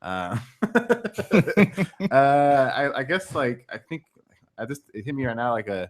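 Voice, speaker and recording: A man's voice: medium pitch, big pitch swings, slow pace. A man co-hosting a podcast, telling a childhood story in casual chat, hesitant and full of fillers. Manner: hesitant, many fillers and restarts. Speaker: podcast co-host.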